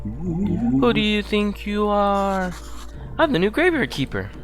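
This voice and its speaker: A lonely male ghost moans his words out in a slow, drawn-out wail, as a man puts him on. The voice sits fairly high and lingers mournfully on each phrase. Soft music plays quietly underneath. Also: very animated, heavily acted.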